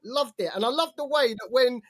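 A British man co-hosting a boxing chat, excitable, swearing and saying "like" a lot. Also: very high-pitched, brisk. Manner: excitable, swears freely, many fillers like "like". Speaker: boxing podcast co-host. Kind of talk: casual chat.

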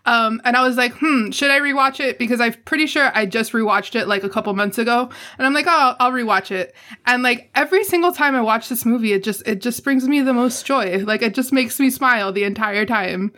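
A woman's voice: on the high side, brisk, sharp tone. A woman co-hosting a podcast in casual chat, giggly and enthusiastic. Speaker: podcast co-host.

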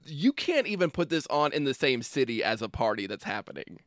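Lively, laughing male podcast co-host. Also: mid-range voice, a little fast, dry recording, clean studio sound. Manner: jokey, laughs often between words. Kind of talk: casual chat.

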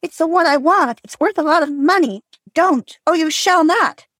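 A woman's voice: extremely high pitch, normal speed, fairly bright tone, no room sound, studio quality, voice pushed up. A woman reading aloud as a teenage girl, wounded and defiant, pleading and then lashing out. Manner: pleading, rising to outrage.

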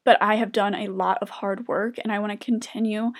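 A woman's voice: mid-range voice, fairly even intonation. A young woman vlogger telling a personal story to camera in an earnest, open way, often breaking off and restarting, and growing emotional as she talks. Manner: earnest, halting, with many restarts; openly emotional. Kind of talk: personal confessional talk to camera.

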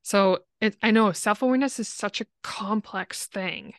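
A woman's voice: medium pitch, moderate pace, no room sound, studio quality. A woman who is a podcast guest, talking in a rambling, reflective way and saying "like" a lot. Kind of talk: casual interview chat.

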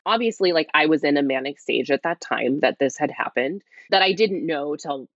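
A woman with a low voice recounts her own story in a candid, hushed half-whisper. She rambles and restarts, leaning on "like" constantly. The audio is dull and lo-fi, with a dry, close sound. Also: animated, moderate pace, no room sound. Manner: rambling, heavy use of "like", restarts. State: speaking quietly, half-whispering. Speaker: interview guest.

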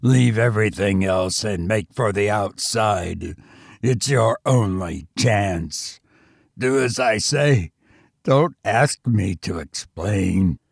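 A man voicing a terrified grown man calling up from a deep vault, in a shaky, hoarse whisper and a frantic, pleading way. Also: slow, no room sound, clean studio sound, full character voice.

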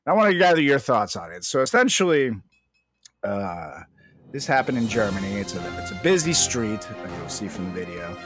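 Animated young man, casual podcast banter. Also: lowish voice, a little fast, over music. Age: young adult. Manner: animated, jokey, trails off quietly. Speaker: podcast co-host. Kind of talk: casual chat.

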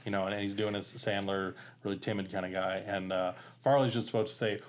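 A man with a fairly low voice co-hosting a podcast, telling stories in a loose, conversational way. He retells comedy moments at length and drifts through fillers as he goes. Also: fast talker. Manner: storytelling, animated when retelling sketches. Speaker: podcast co-host. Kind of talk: casual chat.

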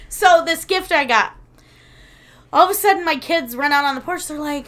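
A woman in her thirties chatting casually as a podcast co-host, telling animated stories, laughing often and swearing freely. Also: sits high, moderate pace. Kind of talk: casual chat.

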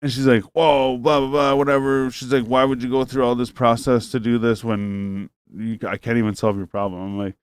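A man's voice: medium pitch, little pitch movement, fairly quick, few pauses, clean tone, no room sound, studio quality. A man telling a long, rambling story in casual chat, cursing freely and acting out both sides of a phone call.

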